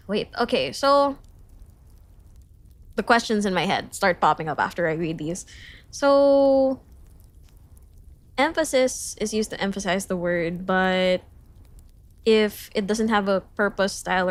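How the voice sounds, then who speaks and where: On her study livestream, a young woman from the Philippines reads her notes out loud, then switches to bright, high-pitched, giggly and slightly bashful hellos to the chat. She talks slowly with frequent pauses, and there's no echo.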